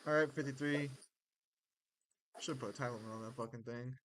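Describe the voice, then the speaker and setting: A man hosting a casual stream, chatting loosely and swearing, with sudden animated outbursts. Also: medium pitch, fairly quick, slight background noise. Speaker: streamer host.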